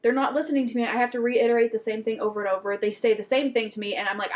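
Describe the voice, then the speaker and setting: A young woman co-hosting a casual podcast chat, telling stories with lively acted-out quotes. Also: fairly high pitch, rapid-fire, few pauses. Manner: animated storytelling, acts out quotes loudly. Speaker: podcast co-host.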